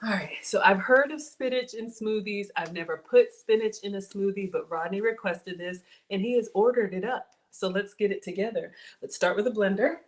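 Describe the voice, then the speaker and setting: A woman in her forties with a mild Southern American accent hosts a home-cooking livestream, speaking in a mid-range voice at normal speed with hardly any pauses. She's chatty as she cooks, calling her chat "y'all" and thanking viewers for their support.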